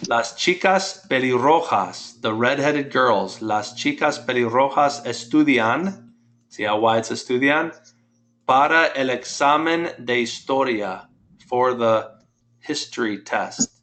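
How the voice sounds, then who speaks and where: A man's voice: mid-range voice, lively intonation, slow, fairly bright tone. A man teaching a Spanish class, patiently explaining grammar step by step and quizzing his students.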